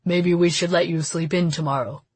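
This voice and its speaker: A woman reading an audiobook, voicing a calm, gentle middle-aged father in a soft, measured, reassuring tone. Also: on the low side, slightly rough, no echo. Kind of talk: audiobook character voice.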